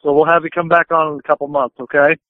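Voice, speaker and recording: Male radio host, friendly and eager, slightly high voice, dry phone-like sound. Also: little pitch movement, quick pace, dry recording. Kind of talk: casual radio interview.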